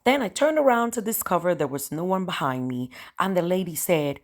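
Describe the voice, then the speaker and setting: A woman from Cameroon with a Cameroonian accent, telling a personal story to her viewers in an emotional, animated way. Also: on the low side, brisk, few pauses. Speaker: storyteller vlogger.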